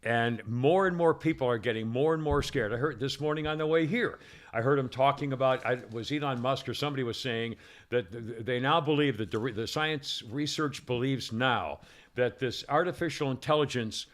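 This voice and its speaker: A man's voice: mid-range voice, a little fast. A man hosting a talk radio show, rambling through news items and reading stories aloud in casual chat.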